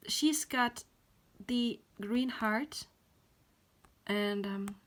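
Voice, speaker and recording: A woman's voice: a little high, very slow. Rambling woman giving a tarot reading. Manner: rambling, apologetic, spiritual talk; drops to a whisper now and then. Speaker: tarot card reader. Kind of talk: pick-a-card tarot reading.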